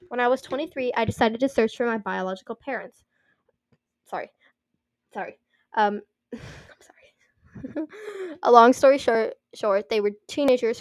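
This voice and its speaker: A young woman with a fairly high voice reads online posts aloud, then drops into loose, chatty commentary. She leans on "like" a lot and apologizes for her reading slips. The sound is close and dry. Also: dark tone, dry recording, highs cut off. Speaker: story reader and commentator.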